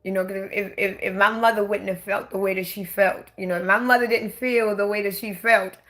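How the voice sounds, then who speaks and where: A middle-aged woman telling her own life story in a casual late-night talk, emotional and halting, often restarting and repeating her words. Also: mid-range voice, fairly even intonation, fairly bright tone.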